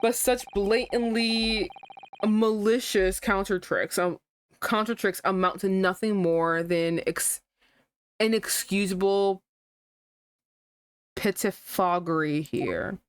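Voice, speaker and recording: A woman voicing a haughty aristocratic male prosecutor, reading game dialogue in a slow, lowered, pompous voice. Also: fairly even intonation, smooth, lightly acted.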